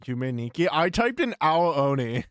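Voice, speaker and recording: Young guy streamer, slightly high voice, talks to chat, mutters + swears, dry close sound. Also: very animated, normal speed, fairly bright tone, clean tone, no echo. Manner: hums game tunes under his breath. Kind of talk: casual live-stream chat while guessing games.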